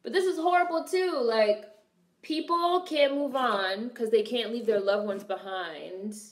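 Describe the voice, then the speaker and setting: A woman's voice: a little high, unhurried, reverberant. A young woman casually commenting on a film during a live stream, swearing freely and answering her chat. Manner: chatty, swearing, reads and answers viewer chat.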